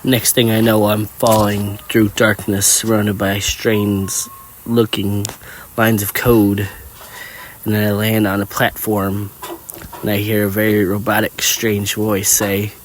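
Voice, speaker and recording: A man narrating a first-person story in a plain, steady reading voice. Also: lowish voice, slow, a little hiss or hum.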